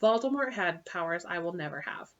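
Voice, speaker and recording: Dumbledore, a gentle old wizard, read by a woman. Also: on the low side, muffled recording, lightly acted. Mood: calm. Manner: calm, gentle, unhurried. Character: wise, gentle old male wizard headmaster.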